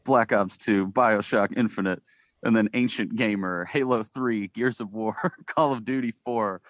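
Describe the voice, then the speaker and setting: A man on a casual podcast panel, reading jokes and tweets aloud in a deadpan way and often breaking into laughter. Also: fairly low pitch, a little slow, no echo, lo-fi sound.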